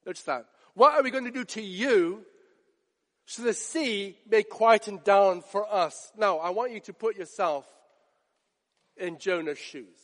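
A man preaching a sermon, dramatic, drawing out quoted lines slowly and softly for emphasis. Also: high-pitched, big-room sound.

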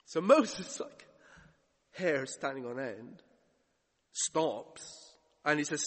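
A man's voice: fairly high pitch, lively intonation, extremely slow, a bit bright, breathy edge. A man preaching a sermon, retelling scripture dramatically and acting out the voices he quotes. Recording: long hall reverb.

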